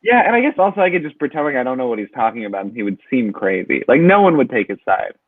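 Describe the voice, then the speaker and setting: A man's voice: mid-range voice, very animated, fast talker, no echo. A man asking for advice on a comedic call-in show, anxious and rambling, full of fillers, heard over a video call. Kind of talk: casual comedic advice chat. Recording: tinny phone-like dry line.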